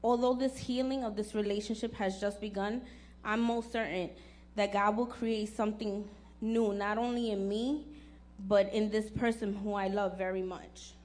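A woman reading her personal testimony aloud in an earnest, measured way. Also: medium pitch, steady tone, darkish tone.

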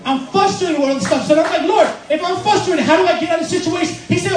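A man preaching a sermon in a church, loose and joking, laughing through his points. His voice sits high and moves fast. The mic is set back, so the sound is roomy with faint noise behind. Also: recorded from a distance, soft background music. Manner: casual, joking, laughs often while preaching. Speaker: pastor.

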